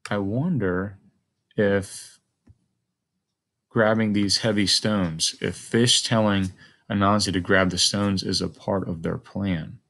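A man's voice: fairly low pitch, a bit bright. A male teacher reading a story aloud to children, thinking aloud and asking the listener questions as he models a close read.

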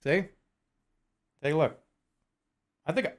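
During a relaxed livestream, a man in his forties jokes, swears, and chats with viewers while piecing together a puzzle. He speaks at a normal speed in a mid-range voice with lively intonation, pausing often.

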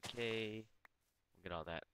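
A man's voice: on the low side, normal speed, smooth, no echo. Tired young man narrating a game. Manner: tired, mumbling, swings to excited outbursts. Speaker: gaming channel host. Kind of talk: casual let's-play commentary.

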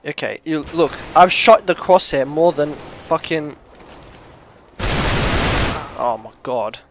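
A man commentating his own shooter gameplay, swinging between frustrated shouts, rants and quiet muttering. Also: a little high, expressive, takes it slowly, background noise. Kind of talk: gaming commentary. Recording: game gunfire behind the voice. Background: gunfire from the game.

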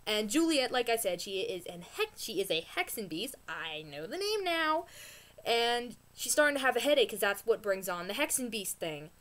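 A woman vlogger ranting casually about a TV episode, excitable and rambling, gasping and exclaiming as she talks. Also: on the high side, moderate pace. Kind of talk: casual rant review.

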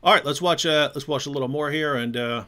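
A male host reacts to a video clip on a live stream with a somewhat high voice. He chuckles and talks loosely, with plenty of ums and restarts. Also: quick pace, sharp tone. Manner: chuckling, many fillers while reacting to a clip. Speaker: livestream host. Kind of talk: casual live reaction chat.

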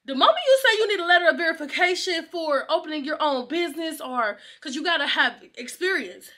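A young woman chats to her vlog camera in a high, bright voice. She is excitable and slangy and laughs easily. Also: fairly quick. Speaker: vlogger. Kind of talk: casual vlog chat.

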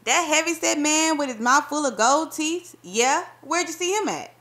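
A woman's voice: high voice, moderate pace, pitched above the performer's own voice. A woman playing a sassy young wife. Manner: lively, sassy folksy banter. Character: spirited, affectionate young wife.

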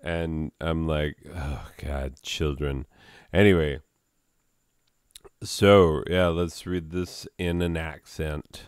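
Self-mocking man, low mumbly asides. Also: fairly even intonation, slow, clear, resonant tone, dry recording, studio quality. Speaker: comedic video host, father. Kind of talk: casual comedic aside.

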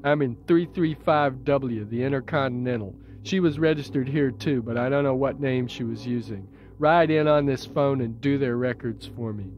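A man's voice: mid-range voice, moderate pace, hardly any pauses, soft background music, close to an everyday voice. A man voicing a terse, worn-out hacker in an audiobook, heard as dull old tape. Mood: tense.

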